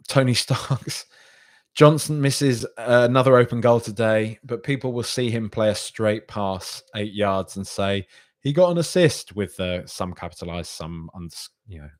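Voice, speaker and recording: A man's voice: on the low side, fairly even intonation, a little slow, dry recording. A man hosting a casual fan podcast, reading out listener comments and rambling as he replies. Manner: rambling, repeats himself, chatty with fans. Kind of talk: casual live-stream chat.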